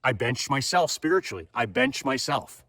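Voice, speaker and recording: A man's voice: mid-range voice, big pitch swings, normal speed, pushed and bright, dry recording, clean studio sound. A man in his fifties giving a fervent motivational monologue, firing rhetorical questions and repeating his points. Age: 50s. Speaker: motivational speaker.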